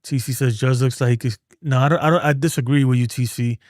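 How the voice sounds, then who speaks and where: A man's voice: mid-range voice, fairly even intonation, fast, a little mellow, dry recording. Male streamer with an everyday mid voice, loose slangy delivery, dry close mic. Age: adult with a son. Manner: casual, rambling, slangy. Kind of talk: casual sports talk.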